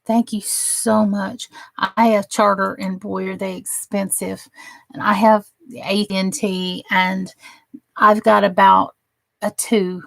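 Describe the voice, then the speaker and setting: Slow, gravelly-voiced woman live streamer. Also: medium pitch, level tone, a bit bright, dry recording. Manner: gushing and admiring, chatty asides. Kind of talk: casual live-stream chat.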